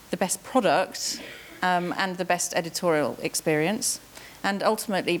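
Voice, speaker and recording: A woman's voice: lowish voice, a little hiss or hum. A woman, a TV executive, giving a presentation on a conference panel, friendly and full of ums.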